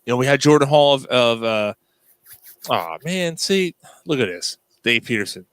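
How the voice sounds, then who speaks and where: A man's voice: medium pitch, lively intonation, moderate pace, a bit bright, clean tone, dry recording. A man in his thirties hosting a casual sports podcast, telling stories in a profane, joking way. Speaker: podcast host.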